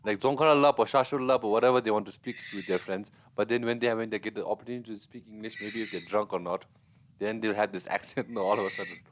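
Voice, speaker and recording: Fast-talking low-voiced Bhutanese host. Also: male voice, a little hiss or hum. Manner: eager questions, teasing. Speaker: podcast host. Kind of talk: casual podcast chat.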